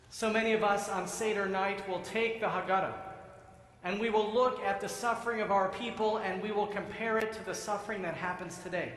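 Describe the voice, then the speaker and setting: A man giving a sermon as rabbi in a synagogue sanctuary, telling stories in a measured way and acting out the voices. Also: high voice, fairly bright tone. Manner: storytelling, acts out voices, measured. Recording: echoey sanctuary with long reverb.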